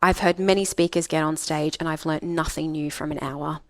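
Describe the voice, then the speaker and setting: Australian woman, speaking coach, lowish pitch, dry studio sound, emphatic. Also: fairly even intonation, moderate pace, no room sound. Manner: emphatic, acts out example voices. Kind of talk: podcast interview.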